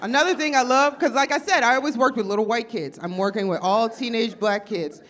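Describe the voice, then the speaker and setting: A woman from Chicago doing a stand-up set, brash and profane, swinging from deadpan asides to loud outbursts. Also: on the high side, brisk. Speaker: stand-up comedian and teacher. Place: comedy club stage with audience.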